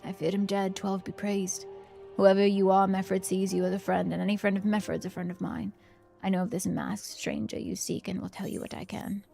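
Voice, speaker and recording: A woman voicing a gruff, wary older male rebel mentor with a guarded, curt manner. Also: medium pitch, level tone, normal speed, mellow, faint music behind.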